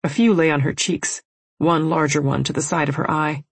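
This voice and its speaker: Breathy woman narrating a novel. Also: deep voice, fairly even intonation, normal speed, no room sound. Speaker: audiobook narrator. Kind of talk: first-person novel narration.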